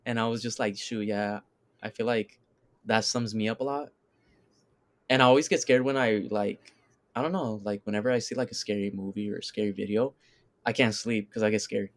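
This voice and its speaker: A man's voice: on the low side, steady tone, fairly quick. A young man co-hosting a podcast, chatting casually with slang, fillers and frequent restarts. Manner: laid-back, slangy, many fillers and restarts. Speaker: podcast co-host. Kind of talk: casual chat.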